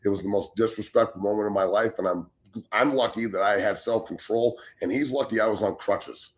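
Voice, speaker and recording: A man's voice: lowish voice, fairly quick. Blunt, profane man ranting on a talk show. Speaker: podcast co-host, former pro football player. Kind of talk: heated casual talk show rant.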